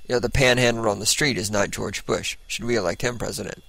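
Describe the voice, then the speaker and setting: A man's voice: lowish voice, fast, creaky, a bit bright, no room sound, low-quality recording. A man giving a blunt, sarcastic political monologue as host, laughing at his own jokes.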